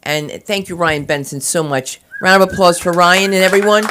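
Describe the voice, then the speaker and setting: A woman from New Jersey with a New Jersey accent, doing an open-mic stand-up set on a club stage, telling chatty stories and breaking into loud voiced impressions. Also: on the low side, normal speed, slight background noise. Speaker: stand-up comedian.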